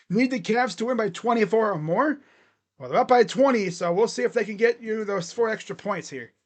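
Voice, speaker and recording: High-voiced excitable play-by-play man. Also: a little fast. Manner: excitable calls that drop to mumbled asides. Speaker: streamer doing live play-by-play. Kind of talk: casual live play-by-play commentary.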